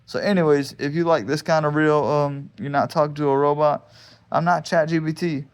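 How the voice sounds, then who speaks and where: A man's voice: a little high, steady tone, normal speed, smooth. A man, an army veteran vlogging in a casual, joking, rambling way, often restarting his sentences outdoors in his backyard. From United States. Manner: joking, wandering, repeats himself, restarts sentences. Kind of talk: casual rambling monologue to camera.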